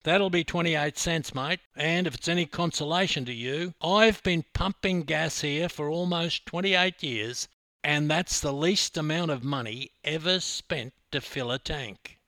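A man's voice: fairly high pitch, a little slow, pushed and bright, no room sound, voice pushed up. A man voicing a big, friendly middle-aged petrol attendant, chatty and teasing in a storytelling reading.

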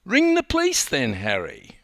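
An older man voicing a fussy, alarmed elderly woman tourist who gives orders in a shrill voice. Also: huge pitch swings, unhurried, a bit bright, no room sound, heavily acted. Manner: shrill, bossy.

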